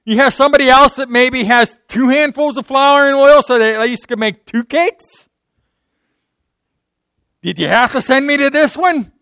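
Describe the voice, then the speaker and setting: Man, pastor, high voice, dry close sound, lively, jokey, questioning the audience. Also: clear, resonant tone, dry recording. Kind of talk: sermon.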